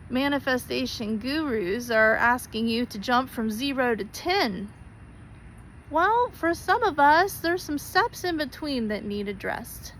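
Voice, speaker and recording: A woman's voice: high voice, a bit bright, slight background noise, low-quality recording. A woman speaking straight to her viewers in an earnest, pleading way, repeating herself for emphasis. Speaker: spiritual vlogger. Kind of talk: heartfelt direct-to-camera talk.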